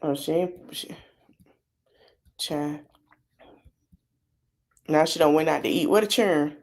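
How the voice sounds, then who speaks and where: A woman's voice: low voice, slow pace, a little mellow. A woman hosting a live podcast stream, reacting to a video with blunt, sassy, mocking commentary full of slang. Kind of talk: livestream commentary.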